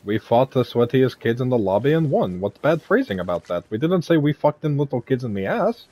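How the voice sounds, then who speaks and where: A man's voice: medium pitch, big pitch swings, fairly quick, no echo. A man trading crude, joking banter with friends while gaming. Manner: crude, joking, often shouting. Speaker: gamer.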